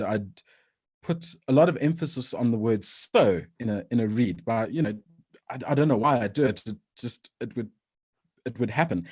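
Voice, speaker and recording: A man, a voice-over artist, chatting casually in an interview with frequent restarts. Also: mid-range voice. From South Africa. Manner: relaxed, rambling with frequent restarts and laughs.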